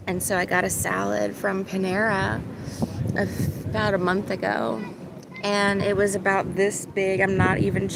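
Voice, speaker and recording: A woman's voice: medium pitch, gravelly. A woman vlogging outdoors in a casual, meandering monologue, tagging sentences with "right?" and "like". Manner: meandering, frequent "right?" and "like" tags. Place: outdoors near boats and birds. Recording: outdoor recording with loud traffic noise.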